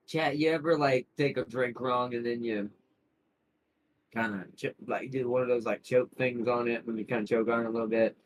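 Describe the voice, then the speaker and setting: A man's voice: medium pitch, fairly even intonation, moderate pace, a little hiss or hum, rough recording. A man streaming a strategy game, rambling through casual commentary with frequent laughs and restarted sentences. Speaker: gaming streamer.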